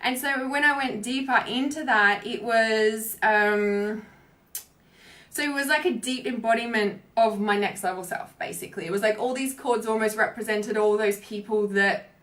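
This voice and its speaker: A woman's voice: a little high, moderate pace, a bit bright. A woman who is a spiritual coach, talking casually on a livestream in a rambling way, with many fillers and free swearing.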